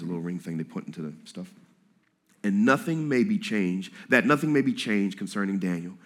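Male pastor, slightly low voice, animated conversational sermon, casual slang, scripture reading. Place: church hall with congregation.

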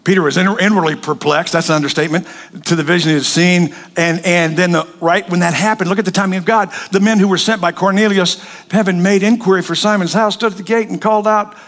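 A man's voice: high voice, fairly quick. A man preaching a sermon, telling stories with jokes and acted voices. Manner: joking, animated storytelling with acted voices. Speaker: pastor.

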